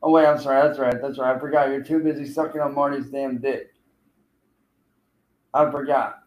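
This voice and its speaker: A man's voice: mid-range voice, level tone, moderate pace, roomy sound, poor audio. A man streaming live, taunting and cursing at a rival who keeps failing to show up. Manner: taunting, profane, calling out a rival. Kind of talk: livestream trash talk.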